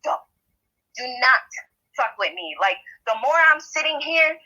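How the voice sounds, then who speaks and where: A woman's voice: sits high, very animated, measured pace, pushed and bright. A woman ranting in a live audio chat room, profane, emphatic and threatening. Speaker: mother addressing a Clubhouse room. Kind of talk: angry threatening rant on an audio chat app. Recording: narrowband app audio.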